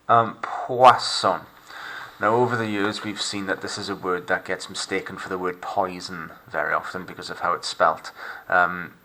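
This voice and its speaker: A man with a Welsh accent teaching a recorded remote lesson, modelling words slowly and clearly for students to repeat. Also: sits low, bright, forceful tone. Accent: Welsh English.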